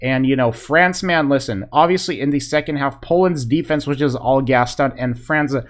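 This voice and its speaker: A man giving a casual, rambling football reaction, excitable and full of fillers like "man" and "you know". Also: mid-range voice, moderate pace. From Polish fan. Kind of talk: casual video reaction commentary.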